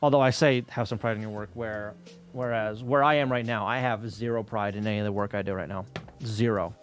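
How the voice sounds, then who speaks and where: A man's voice: on the low side, steady tone, brisk, faint music behind. A man streaming while scanning old workbooks, ranting about a utility bill in casual, heavily profane chat.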